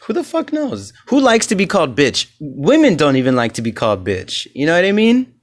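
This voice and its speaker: A male comedian rambles through his solo podcast in a slightly higher-than-average voice. He swears freely and wanders from point to point. He drops into quick voices when he quotes other people. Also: very animated. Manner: loose, profane, rambling storytelling. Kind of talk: casual solo podcast chat.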